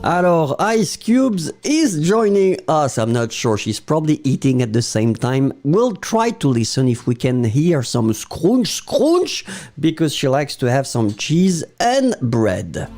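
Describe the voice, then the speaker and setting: A man's voice: fairly high pitch, big pitch swings, a little slow, few pauses, a little mellow, soft background music. A French man teaching his language in English, reading out viewer comments and spelling verb endings, with a French accent. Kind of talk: live-streamed language lesson.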